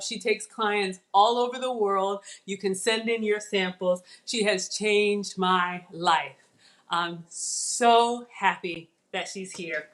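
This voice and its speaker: A woman's voice: medium pitch, fairly bright tone. A middle-aged woman, hosting a chatty live cooking demo and talking viewers through each step. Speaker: channel host.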